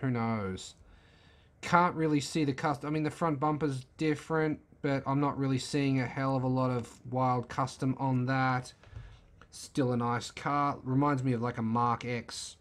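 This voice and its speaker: A man's voice: mid-range voice, steady tone, unhurried. A man hosting a car channel, giving laid-back, wry, opinionated commentary as he flips through a magazine.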